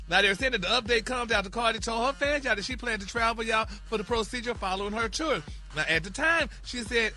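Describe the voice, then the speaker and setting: A man's voice: very high-pitched, a little fast, pushed and bright, soft background music. A man delivering a celebrity gossip segment on morning radio, flamboyant and peppering his talk with "honey" and "y'all.". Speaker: celebrity news correspondent.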